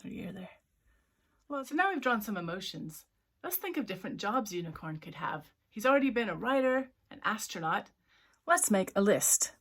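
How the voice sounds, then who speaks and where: A woman's husky, fairly bright mid-range voice swings widely in pitch as she leads a drawing workshop. She's a writer-illustrator who chats playfully while drawing, voicing little sound effects and thinking aloud with pauses and restarts.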